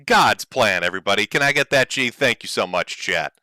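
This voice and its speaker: A man's voice: lowish voice, animated, brisk, sharp tone, no room sound. A man hosting a livestream, talking to his chat with sarcastic, mocking commentary and frequent laughs. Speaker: streamer host.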